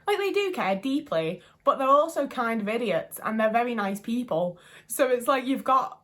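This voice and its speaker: A woman's voice: fairly high pitch, animated, moderate pace, a bit bright. A young woman chatting to camera in a rambling, gushing way, swearing casually as she goes. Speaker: vlogger.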